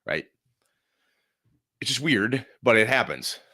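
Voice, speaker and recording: A man's voice: medium pitch, slow pace, no room sound, clean studio sound. A middle-aged man chatting casually about tabletop gaming, telling stories with lots of swearing. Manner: animated storyteller, swears freely. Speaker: podcast guest, game master. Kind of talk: casual chat.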